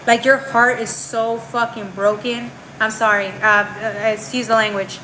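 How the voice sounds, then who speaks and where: A woman's voice: on the high side, little pitch movement, measured pace, sharp tone, a little hiss or hum, poor audio. A woman giving a live tarot reading in a chatty, slangy way. She keeps tagging her lines with "right?" and often restarts or trails off mid-phrase. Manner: slangy, calls the viewer girl and bro. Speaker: tarot reader.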